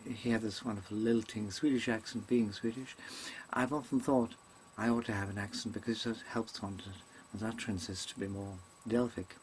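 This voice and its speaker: A man's voice: fairly low pitch, fairly even intonation, moderate pace, slight background noise. A man performing a rambling, digressive theatrical monologue to a webcam, hesitating often and correcting himself in mannered stage diction. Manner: digressive, hesitant, full of ums and self-corrections. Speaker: actor giving a comic monologue.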